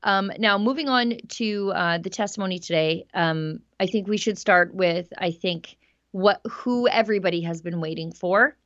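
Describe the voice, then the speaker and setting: A woman's voice: mid-range voice, moderate pace, fairly bright tone, no echo. Woman host, emphatic news-commentary delivery, dry slightly dull sound.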